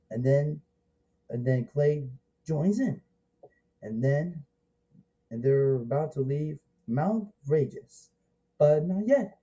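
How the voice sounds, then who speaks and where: A man giving a casual, rambling spoken movie review, halting and restarting often and breaking into excited exclamations. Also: a little high, rough recording.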